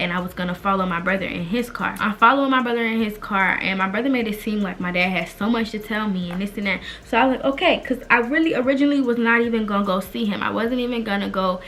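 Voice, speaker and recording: A young adult woman vlogger telling a personal story in an emphatic, animated, slangy way. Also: medium pitch. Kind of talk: storytime vlog.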